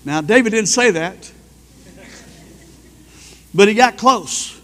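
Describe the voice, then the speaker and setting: A man preaching a sermon as pastor, fervent and at times rising to loud praise. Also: high-pitched, expressive, slow, big-room sound.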